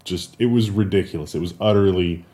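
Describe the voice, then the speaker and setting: A man with a fairly low voice co-hosts a casual tech news discussion. He talks quickly and mixes in laughs and sarcastic asides. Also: dark tone.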